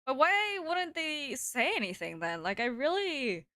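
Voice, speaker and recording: A woman's voice: high voice, very animated, a little slow, sharp tone, no echo, clean studio sound. Chatty woman streaming a game. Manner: casual, chatty asides. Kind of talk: live visual novel playthrough.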